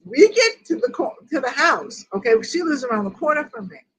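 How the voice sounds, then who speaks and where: A woman's voice: sits high, sing-song, brisk, fairly bright tone, slight background noise, rough recording. Older woman retelling a loss, quoting everyone. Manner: rambling retelling that quotes each conversation. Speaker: host of a grief group. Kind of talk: personal storytelling in casual chat.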